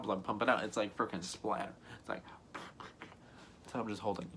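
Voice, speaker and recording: A young man telling a story in a vlog, animated, often acting out other people's lines and filling his talk with "like". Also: on the low side, brisk, a little hiss or hum. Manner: frequent "like" fillers, laughs between lines. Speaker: vlogger.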